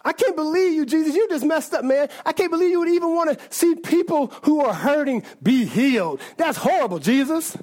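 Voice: high-pitched, animated, fairly quick, hardly any pauses, darkish tone. A preacher putting on the voice of indignant temple leaders, scoffing and complaining over and over in a mocking, exasperated way.

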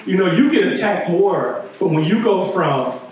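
High-voiced preacher in an echoey hall. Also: male voice, very animated, moderate pace, slight background noise. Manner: conversational preaching, frequent "right?" asides. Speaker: pastor. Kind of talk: sermon. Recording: echoey hall, distant mic.

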